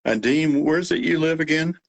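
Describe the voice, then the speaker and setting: A man's voice: a little high, normal speed, vocal fry, low-quality recording. A man with a Texas accent and a slightly nasal voice, hosting a casual live Q&A and rambling with fillers and restarts. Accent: Texan. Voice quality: a little nasal. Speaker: host of a live radio-monitoring Q&A.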